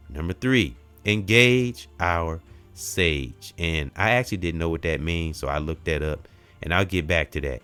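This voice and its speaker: A man giving an emphatic spiritual self-help talk, preachy in tone, swinging from loud stressed words to quiet asides. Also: a bass voice. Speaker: motivational speaker.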